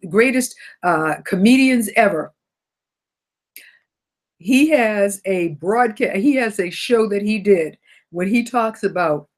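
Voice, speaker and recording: A middle-aged woman with a cold hosts a motivational broadcast, talking animatedly to viewers and often laughing and correcting herself. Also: medium pitch. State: has a cold. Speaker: host of a self-help broadcast.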